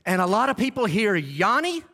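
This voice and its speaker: A male pastor preaching a sermon to a congregation, reading scripture slowly and with emphasis. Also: high voice, very animated, bright, forceful tone. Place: church before a live congregation.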